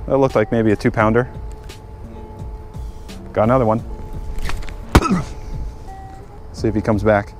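A man's voice: fairly low pitch, fairly even intonation, a little slow, pauses often, music in the background. A man talking casually to viewers while working on his car and fishing at a lake, chatty and easily frustrated. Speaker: fishing vlogger. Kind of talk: casual vlog narration. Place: outdoors by a lake.

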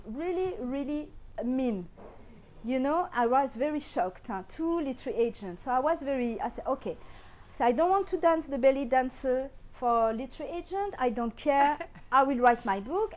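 A middle-aged woman whose first language is French speaks English with a clear French accent. Her voice sits high, and she tells her stories to an audience in a lively way, acting out what people said. She laughs often as she goes. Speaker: guest speaker. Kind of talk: anecdotal talk to an audience.

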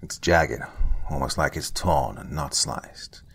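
A man playing an older, blunt forensic investigator who lectures in short, curt sentences with a husky voice. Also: rumbling low, slow pace, fairly bright tone, full character voice. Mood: curt, lecturing. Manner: blunt, curt, lecturing, some lines whispered. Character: gruff veteran male forensic investigator, blunt.

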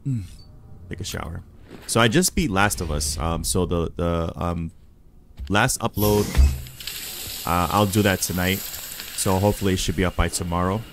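Deep-voiced laid-back game commenter. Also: male voice, normal speed, noisy background. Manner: laid-back, rambling, chatty. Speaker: gaming channel host. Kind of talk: casual gameplay commentary.

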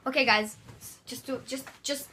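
A woman's voice: sits high, steady tone, normal speed, pushed and bright, a little hiss or hum. A young woman vlogging casually, playful and bossy, giggling between lines. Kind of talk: casual comedy vlog.

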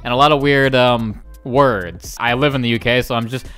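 Smooth-voiced joking young man. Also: medium pitch, fairly even intonation, moderate pace, a bit bright, faint music behind. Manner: joking, laughs often, loose and rambling. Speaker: YouTube host. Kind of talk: casual reaction commentary.

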